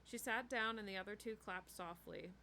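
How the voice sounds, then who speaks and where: A woman reading a novel chapter aloud in a steady storytelling way. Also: medium pitch, normal speed, slight background noise. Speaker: book reader.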